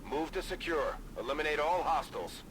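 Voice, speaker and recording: A man's voice: on the high side, lively intonation, brisk, noisy background, close to an everyday voice. A man voicing a male military radio officer in a video game, giving short, clipped orders. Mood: commanding.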